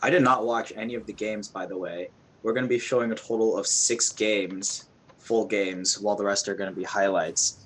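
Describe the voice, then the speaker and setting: A man's voice: lowish voice, steady tone, normal speed, fairly bright tone, a little hiss or hum. A man co-commentating a game tournament casually, chatty and analytical. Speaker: tournament co-caster.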